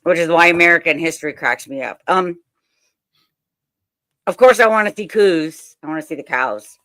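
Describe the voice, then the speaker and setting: A woman's voice: sits low, normal speed, a bit bright, no room sound. A woman with a Southern US accent chatting eagerly as a guest, rambling with frequent ums. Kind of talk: casual video-call chat.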